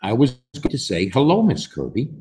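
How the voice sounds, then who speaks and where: A man's voice: medium pitch, huge pitch swings, moderate pace, warm tone, a little hiss or hum. A man voicing a shy, polite young schoolboy speaking to his teacher.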